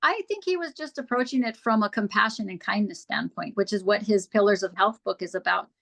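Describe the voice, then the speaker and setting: A woman's voice: medium pitch, fairly quick, vocal fry, a bit bright. Earnest woman telling her story. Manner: earnest, candid, acts out past conversations. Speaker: interview guest. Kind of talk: casual personal storytelling.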